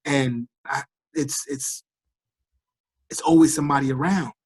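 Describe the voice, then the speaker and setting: Husky man from Trinidad telling his story. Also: medium pitch, a little slow, dry recording. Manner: animated storyteller, acts out quoted voices. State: fatigued, recovering from illness. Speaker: guest, firefighter recovering from illness. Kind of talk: casual interview over a call.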